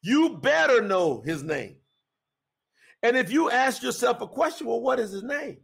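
Male podcast preacher, high gravelly voice, emphatic and conversational. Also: big pitch swings, a little slow, a bit bright. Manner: conversational, emphatic, repeats phrases. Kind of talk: scripture teaching.

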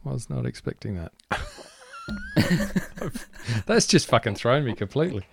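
A man's voice: mid-range voice, big pitch swings, measured pace, gravelly, slight background noise. A man hosting a podcast in casual chat, reacting with short wry interjections. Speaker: podcast host.

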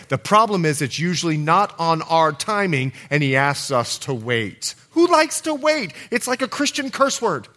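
A man preaching a sermon as pastor, swinging from loud calls to hushed low lines. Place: church.

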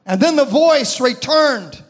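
A man preaching a sermon, retelling a vision with impassioned, shouted peaks and slow, drawn-out phrases. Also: lively intonation. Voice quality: high, ringing voice that rises into shouts.

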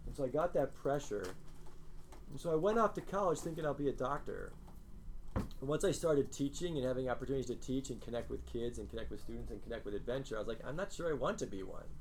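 A man teaching a class, talking to his students in an earnest, animated way. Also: mid-range voice, slight background noise. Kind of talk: classroom lecture.

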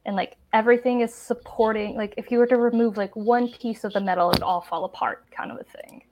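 A woman playing in a tabletop game over an online call, describing her ideas haltingly and searching for words. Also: a little high, fairly even intonation, a little mellow, slight background noise. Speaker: player. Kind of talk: casual tabletop play.

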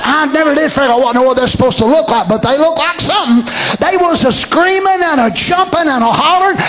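A man. He shouts his points and mocks sports fans and sleepy churchgoers. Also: extremely high pitch. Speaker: preacher. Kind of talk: fiery revival sermon.

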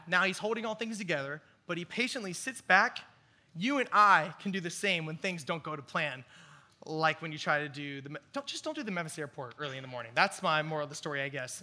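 A young man with a high, very bright voice preaches to a youth group. He tells his story with animated, self-mocking energy and returns to his teaching points. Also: brisk. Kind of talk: youth sermon with personal story.

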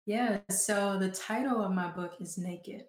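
A woman's voice: mid-range voice, unhurried. Southern woman, chatty, in an echoey room. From Georgia, US. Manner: chatty, frequent "like" fillers. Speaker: guest, performing artist and author. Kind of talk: casual interview talk.

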